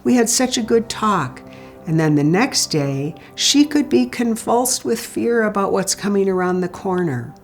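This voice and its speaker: Calm low-voiced woman teaching. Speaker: grief support educator. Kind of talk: instructional talk.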